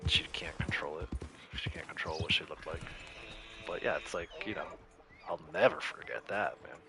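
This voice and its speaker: A man's voice: a bass voice, normal speed. A man hosting a casual gaming livestream, rambling and laid-back as he chats with viewers, his throat a bit scratchy from coughing. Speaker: livestream host.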